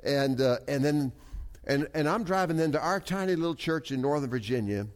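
A man preaching a sermon as a pastor, telling a story earnestly with many halting restarts and swings from soft asides to emphatic climbs. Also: a little high, expressive.

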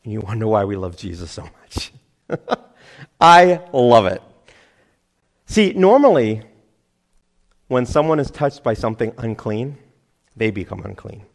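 A middle-aged man preaching a sermon, animated, acting out crowd voices and laughing at himself. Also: lowish voice, unhurried, pauses often. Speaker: pastor.

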